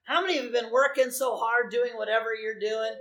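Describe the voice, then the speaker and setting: Animated preaching man in his sixties. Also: very high voice, fast talker. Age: 60s. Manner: animated, conversational preaching with asides to the congregation. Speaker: pastor. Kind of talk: sermon.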